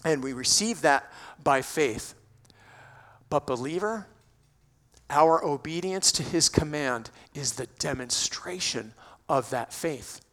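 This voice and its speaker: A man preaching a sermon in a church, expressive, building to emphatic peaks. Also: fairly high pitch, takes it slowly. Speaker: pastor. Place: church sanctuary.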